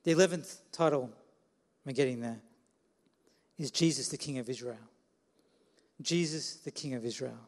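A man's voice: mid-range voice, normal speed, pauses often, in a large hall. A man preaching a sermon in a conversational way, putting questions to the listeners.

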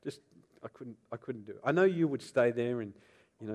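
In his sermon, a man dramatizes scripture, rising from soft, low passages into loud outbursts and back again, at a moderate pace.

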